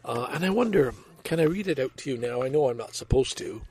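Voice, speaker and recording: Fast and lively in his intonation, this man has a mid-range voice with a darkish tone. He's a vlogger chatting about his books in a rambling, self-interrupting, enthusiastic way, pausing to read poems with real feeling.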